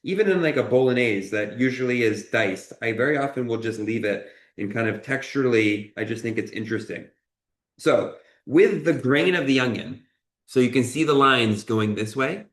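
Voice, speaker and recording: A man's voice: mid-range voice, normal speed, a bit bright, echoey room. A man chef teaching a cooking lesson, talking through each cut in an encouraging way and often checking in with "okay?". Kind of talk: cooking demonstration. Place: kitchen.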